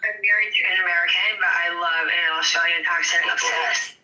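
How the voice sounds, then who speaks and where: A woman's voice: fairly low pitch, fairly even intonation, brisk, sharp tone, faint music behind. A woman with a congested voice from allergies, chatting frankly in a group chat. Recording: echoey app audio from a distance.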